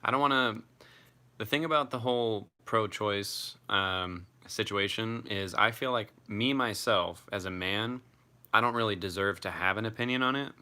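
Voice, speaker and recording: A young man with a low voice and a bright, forceful edge, chatting on a live stream. He answers viewer comments loosely and casually, dropping swear words as he goes. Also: normal speed, clear, resonant tone. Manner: relaxed, chatty, swears freely.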